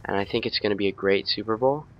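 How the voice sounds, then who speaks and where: A man's voice: lowish voice, quick pace, highs cut off. A tired young man rambling through casual gameplay commentary, with lots of fillers. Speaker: gaming commentator.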